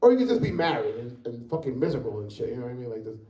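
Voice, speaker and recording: A man's voice: mid-range voice, very animated, very fast, mellow, echoey room, recorded from a distance. A fifty-year-old man doing a rambling, profane stand-up set in a comedy club. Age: 50s.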